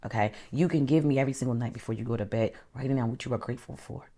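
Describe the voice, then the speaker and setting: A woman life coach giving an animated motivational talk, calling listeners honey and child, sometimes dropping to a whisper for emphasis. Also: very deep voice, rapid-fire.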